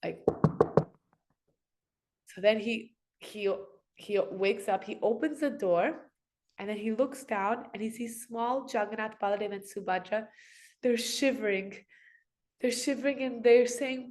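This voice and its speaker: A woman casually telling devotional stories to children, acting out the characters' lines with lively jumps in her voice. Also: moderate pace. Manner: animated, acts out quoted voices with big pitch jumps. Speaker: storyteller for children.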